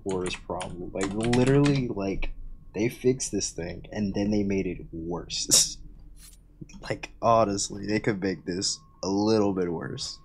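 A young man talks loosely over his gameplay in a lowish voice, rambling with loose fillers, laughing at himself and swearing. Faint keyboard clicks and typing sit behind him. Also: measured pace, a little hiss or hum. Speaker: gaming video host. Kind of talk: casual gameplay commentary.

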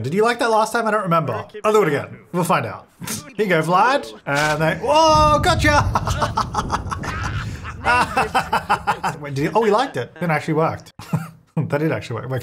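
Young man, game commentary, animated pitch, faint hiss behind him. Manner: chatty, reacts aloud and laughs often at the game. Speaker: gaming creator playing a life-sim game.

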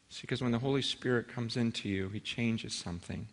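A man giving a sermon, telling stories in an animated way, acting out quoted voices, with many fillers and restarts, heard in a large hall. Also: medium pitch, a little fast. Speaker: pastor. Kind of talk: sermon with storytelling. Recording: hall with long reverb.

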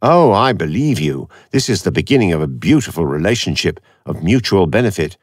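A man's voice: low-pitched, big pitch swings, brisk, husky, dry recording, full character voice. A man voicing a cold, sardonic computer expert with a dry, cutting, detached manner.

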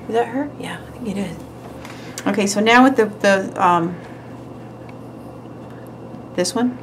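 A woman's voice: medium pitch, unhurried, long pauses, noisy background. A woman hosting a nail art tutorial, chatting casually and giggling as she works. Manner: chatty, giggly, talks while working.

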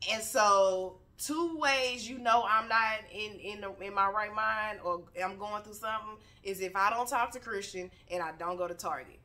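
Woman motivational vlogger, bright and forceful, blunt and swearing, preaching from her couch. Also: medium pitch, normal speed, few pauses. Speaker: motivational speaker. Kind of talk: candid motivational talk. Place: home, on a couch.

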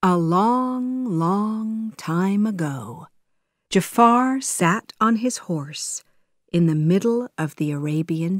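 A woman narrating a children's storybook in a clear, measured way. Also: on the low side, no room sound, studio quality. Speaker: audiobook narrator. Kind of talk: scripted storybook narration for learners.

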